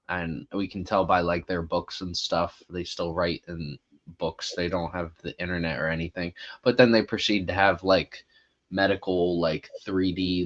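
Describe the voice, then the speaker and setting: A man with a very deep voice talks loosely, with many fillers and restarts. The recording is dull and a little lo-fi. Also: a bit bright. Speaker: podcast co-host. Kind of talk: casual movie discussion.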